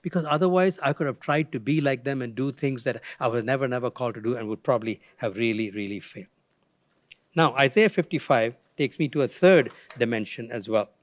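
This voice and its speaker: A man's voice: medium pitch, brisk, no echo. An older retired pastor preaching a guest sermon, telling a personal story in a conversational way and acting out the voices he quotes.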